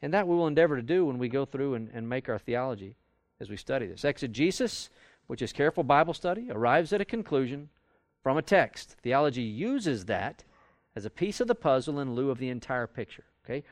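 A man's voice: medium pitch, very animated, fairly quick, dry recording, studio quality. A man teaching a Bible study class in a conversational way, acting out quoted arguments as he goes. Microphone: recorded for audio with a live class.

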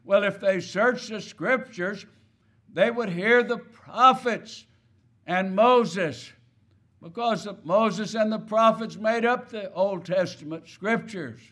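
A man's voice: high-pitched, slow pace, fairly bright tone. A man preaching a sermon, stressing key words and asking his listeners rhetorical questions.

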